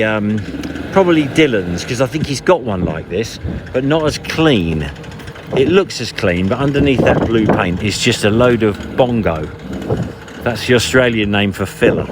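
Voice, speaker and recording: A man hosting a casual vlog, talking bluntly and jokingly with plenty of swearing. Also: lowish voice. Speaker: vlog host. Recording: outdoor noise, vehicles behind.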